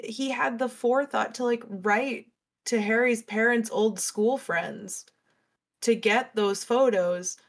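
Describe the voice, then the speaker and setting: Earnest young woman, casual and emotional. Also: medium pitch. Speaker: podcast co-host. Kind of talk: casual book discussion.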